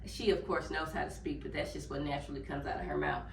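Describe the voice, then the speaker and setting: Cleaning up in her home kitchen, a Southern-accented vlogger from Memphis, Tennessee chats casually with viewers in a lifestyle video. She has a deep, gravelly voice with little pitch movement and talks fast. The distant mic picks up a roomy sound and slight background noise.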